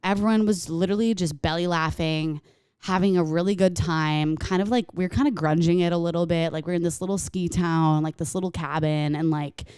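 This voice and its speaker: Young woman co-host, casual storyteller, smooth tone, dry close mic. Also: on the low side, brisk, dry recording. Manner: animated storytelling, frequent "like". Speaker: podcast co-host. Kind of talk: casual chat.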